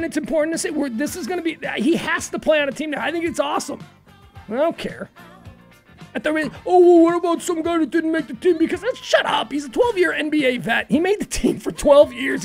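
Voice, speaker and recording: A woman hosting a talk radio show in a studio, opinionated and riffing quickly in casual commentary. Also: high voice. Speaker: radio host.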